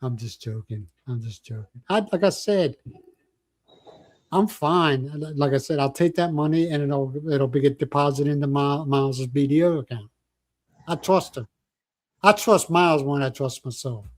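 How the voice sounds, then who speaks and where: Older guy hosting a live chat, kinda high voice, rambly jokey stories. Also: moderate pace. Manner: joking, rambling storyteller. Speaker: livestream host.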